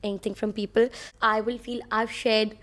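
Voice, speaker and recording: A woman's voice: a little high, level tone, moderate pace, a bit bright. A young woman hosting her own podcast, talking alone in a chatty, self-conscious, rambling way. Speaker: podcast host. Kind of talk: solo podcast rant. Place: room.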